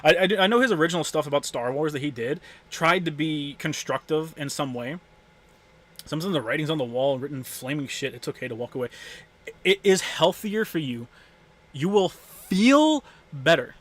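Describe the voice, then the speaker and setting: A man's voice: on the high side, a little fast, fairly bright tone. A man streaming live and ranting to his chat, heated and full of profanity, often stumbling over restarts as he gets worked up. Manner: stammering restarts when worked up. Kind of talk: casual livestream rant to chat.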